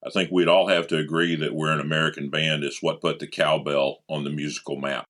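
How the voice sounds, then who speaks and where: A man's voice: very deep voice, little pitch movement, a little fast, fairly bright tone. A man hosting an interview, asking enthusiastic, well-prepared questions. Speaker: interview host.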